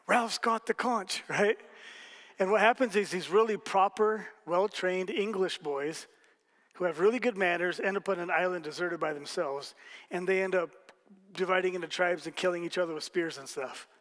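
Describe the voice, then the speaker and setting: High-voiced pastor joking through a sermon. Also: male voice, moderate pace, a bit bright. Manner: casual, joking storytelling with asides to the congregation. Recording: hall reverb.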